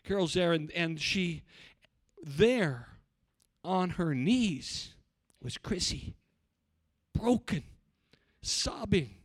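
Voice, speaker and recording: A high-pitched middle-aged man preaching a sermon from the pulpit. He mixes folksy, plainspoken storytelling with fervent calls to repentance. The sound is dry and close, with no room echo. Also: lively intonation, very slow. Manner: preaching with rising fervor, folksy storytelling asides. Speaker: pastor.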